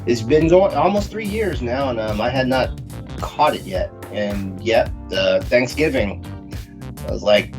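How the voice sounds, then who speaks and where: A man co-hosting a casual podcast while sick with a hoarse voice, talking in a halting, self-mocking way. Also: mid-range voice, animated, music in the background. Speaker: podcast co-host.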